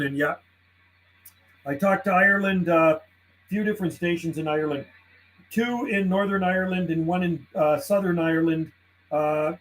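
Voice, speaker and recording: A man with a high voice chats easily from a warm room at home, running a live stream as he works the radio. He greets viewers and stations in a friendly, unhurried way. A faint hiss sits behind his voice. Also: low-quality recording. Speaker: CB radio livestreamer. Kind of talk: casual live-stream chat and radio calls. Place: warm house indoors.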